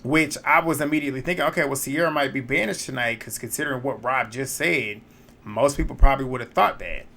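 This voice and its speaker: A man recapping a reality show in casual commentary, blunt, opinionated and quick to swear. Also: mid-range voice, creaky, pushed and bright.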